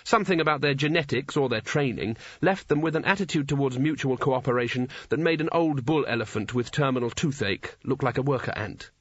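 A man narrating a fantasy audiobook in a wry, measured storytelling manner. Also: mid-range voice, no echo. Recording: dry, dull muffled recording.

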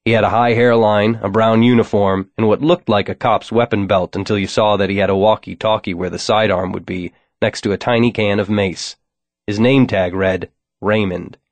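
Male narrator, low voice, wry deadpan first-person read, dry booth sound. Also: normal speed, no echo. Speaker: audiobook narrator.

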